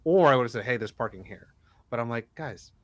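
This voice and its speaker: A man's voice: medium pitch, expressive, brisk, fairly bright tone, dry recording. A man co-hosting a podcast in casual chat, rambling and swearing as he acts out what people said to him. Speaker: podcast co-host.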